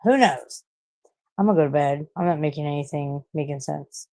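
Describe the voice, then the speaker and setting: A woman's voice: deep voice, normal speed, mellow. A woman in her forties chatting casually on a late-night live stream, rambling, swearing a lot and laughing at herself. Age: 40s.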